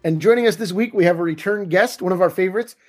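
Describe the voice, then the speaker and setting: A man hosting a podcast in a relaxed, chatty way. His voice sits a little high and has a husky edge. He steers the talk and keeps handing questions to his co-host and guest. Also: quick pace. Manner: leads the talk and poses questions. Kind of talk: casual podcast chat.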